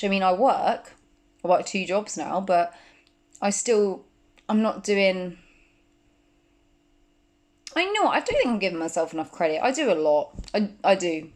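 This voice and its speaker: A woman in her twenties talking casually to camera as a vlogger, full of fillers and quick asides. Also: medium pitch. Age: 20s. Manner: chatty, many fillers like "like". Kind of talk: casual chat.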